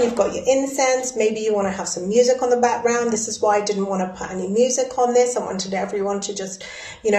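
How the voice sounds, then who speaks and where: A woman leading a guided breathwork and ritual session in a soothing, gently instructive way. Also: a little high. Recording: echoey room.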